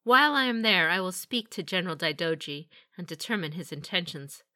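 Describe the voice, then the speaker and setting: A woman's voice: fairly low pitch, lively intonation, pushed and bright. A woman voicing a grave, formal samurai lord. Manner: measured, formal, restrained. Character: calm, measured male samurai lord.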